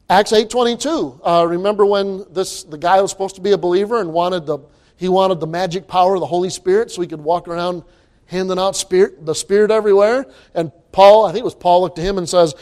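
A man preaching a sermon, animated and reading scripture aloud in old-fashioned wording. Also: sits high, brisk. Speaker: pastor.

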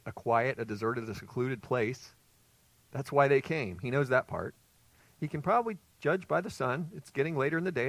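A man's voice: mid-range voice, no echo. Emphatic male pastor, dry close sound. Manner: emphatic, asks the congregation rhetorical questions. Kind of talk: expository sermon.

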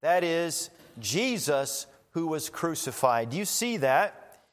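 A man preaching in a measured, unhurried sermon, his voice sitting somewhat high for a man. He leans into key phrases with emphatic lifts. The sound carries a long reverb, as in a large hall. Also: big pitch swings. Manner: slow, deliberate preaching with emphatic rises. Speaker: pastor.

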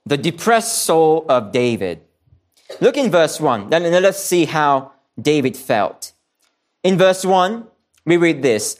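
A man's voice: a little high, very animated, takes it slowly. A man preaching a sermon, earnest and repeating key phrases for emphasis, sometimes restarting his words. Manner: restarts and stumbles on some words.

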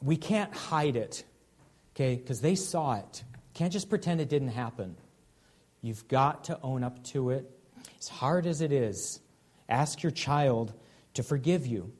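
A man's voice: mid-range voice, darkish tone. A man in his thirties, a pastor preaching a sermon in an earnest, conversational way, with frequent "okay?" check-ins.

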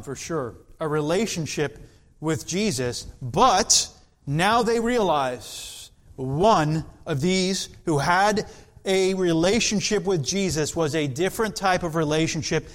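A man preaching a sermon in an earnest, deliberate way, with dramatic pauses. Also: fairly high pitch.

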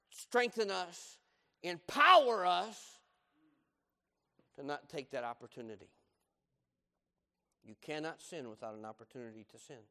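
A man's voice: high voice, vocal fry, sharp tone. An older man preaching a sermon, emphatic and repeating his key lines. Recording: long hall reverb.

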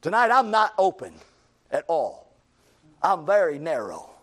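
High-voiced emphatic male preacher. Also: big pitch swings, measured pace, fairly bright tone. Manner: folksy, emphatic preaching with repetitions. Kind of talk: sermon.

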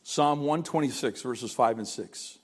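A man's voice: medium pitch, a little slow. An older man preaching a sermon in a pleading, earnest way, often stammering and repeating phrases. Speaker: pastor.

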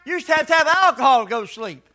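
A man preaching a sermon to a church congregation, folksy and calling for responses, sometimes shouting. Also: very high voice, lively intonation, rapid-fire.

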